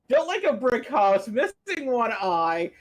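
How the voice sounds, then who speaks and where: A man chatting as a player in a tabletop game, pausing often to search for words. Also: very high-pitched, very animated, a little hiss or hum.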